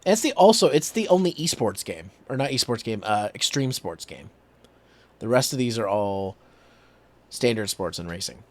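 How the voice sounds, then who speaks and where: A Canadian man hosting a casual stream chat, animated and joking. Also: lowish voice, normal speed. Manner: animated, laughing, trying silly voices. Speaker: streamer host.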